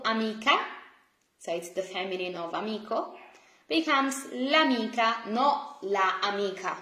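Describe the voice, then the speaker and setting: Woman, language teacher, unhurried, patient explanations, echoey room. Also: fairly high pitch, a bit bright. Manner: patient, explains slowly with fillers and self-corrections. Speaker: Italian teacher. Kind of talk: online language lesson. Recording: roomy echo.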